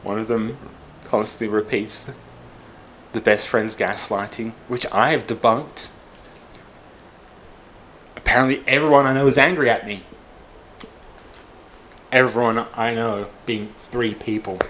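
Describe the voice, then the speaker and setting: A man in his forties with a somewhat low voice delivers a raw personal monologue to camera. He sounds upset and worn out, bitter and angry, swearing often. Faint noise sits behind him. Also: measured pace, long pauses, a bit bright. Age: 40s. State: upset and exhausted. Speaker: vlogger.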